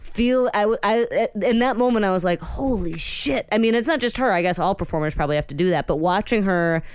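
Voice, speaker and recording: A woman's voice: mid-range voice, fast talker, darkish tone, clear, resonant tone, no room sound. A woman co-hosting a casual gossip podcast, telling long stories full of fillers and restarts. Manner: rambling, filler-heavy storytelling. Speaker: podcast co-host.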